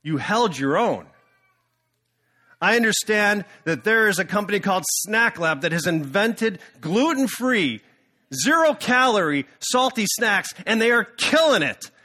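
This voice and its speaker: A man playing a booming boss. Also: sing-song, a little slow, full character voice. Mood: furious. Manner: loud, proclamatory, shouting. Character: booming male CEO, jubilant then furious.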